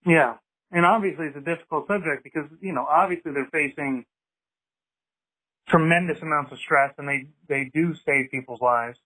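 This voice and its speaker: A man with a somewhat high voice lays out his points carefully during a relaxed podcast chat. His voice has a faintly radio-like sound to it. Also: moderate pace, breathy edge, low-quality recording. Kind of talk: casual podcast conversation.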